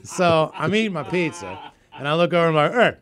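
A man's voice: on the high side, sing-song, brisk, a bit bright. A man co-hosting a podcast, telling stories in a rambling way, correcting himself and laughing as he goes. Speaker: podcast co-host. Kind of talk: casual storytelling chat.

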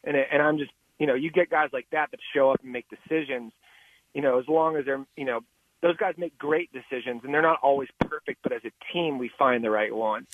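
A man's voice: medium pitch, brisk, dry recording, narrow, tinny audio. A man, a film writer-director, telling stories in a casual radio interview and laughing often. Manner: animated storyteller, laughs often.

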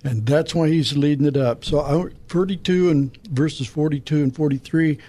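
Man, radio Bible-study co-host, mellow slightly higher voice, halting delivery. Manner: halting, reads scripture aloud and dedicates it.

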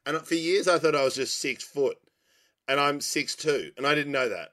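A man's voice: a little high, animated, moderate pace, sharp tone. A man in casual conversation, rambling and stumbling over restarts.

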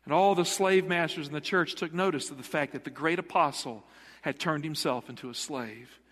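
A man's voice: on the high side, moderate pace, a bit bright. A middle-aged male pastor preaching a sermon in a church, emphatic and putting rhetorical questions to the congregation. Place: church sanctuary. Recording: long hall reverb.

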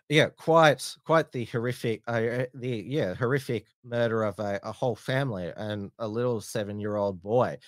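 A man hosting a casual live-stream news show, talking in halting bursts with many "uh" fillers and restarts. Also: fairly low pitch, no echo, studio quality. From Australia.

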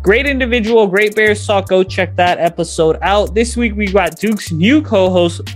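Podcast host brief: man, high voice, groggy but chatty, video call audio, faint music behind. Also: normal speed. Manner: rambling, chatty, joking asides. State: sleepy, just woke from a nap. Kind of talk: casual sports podcast chat.

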